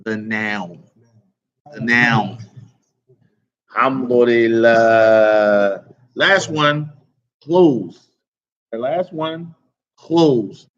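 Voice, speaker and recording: A man teaching an Arabic vocabulary lesson, quizzing his students and repeating each word slowly. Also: mid-range voice, animated, a bit bright. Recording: dull lo-fi recording.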